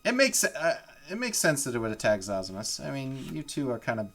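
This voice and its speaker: A man at a middle pitch narrates a tabletop session as game master. His delivery is casual and rambling, full of ums and quick bursts. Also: very animated, creaky, over a noisy crowd.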